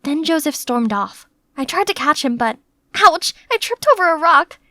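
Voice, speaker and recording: A young woman tells her story in first person with a chatty, lively and playfully dramatic delivery. Her voice is high and bright with an edge, recorded close in a dry, dead space. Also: moderate pace, no room sound. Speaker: narrator and maid character.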